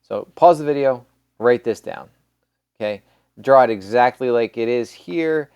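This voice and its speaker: A man's voice: mid-range voice, unhurried, darkish tone, smooth, no echo, dull audio. A man teaching a recorded science lesson in a casual, rambling way, with many restarts and fillers. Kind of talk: recorded classroom lecture.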